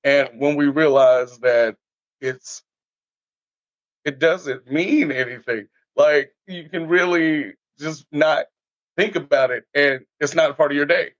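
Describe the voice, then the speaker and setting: A man in a casual podcast conversation, telling stories in an animated way and acting out everyday scenes. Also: fairly high pitch, takes it slowly, dry recording. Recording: dull lo-fi dry sound.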